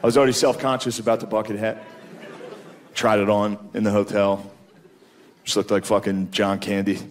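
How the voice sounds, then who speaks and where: A man's voice: lowish voice, flat delivery, moderate pace. A man in his thirties doing a stand-up comedy set, telling loose, profane, self-mocking stories on a comedy club stage. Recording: live club set with crowd noise. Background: audience laughter.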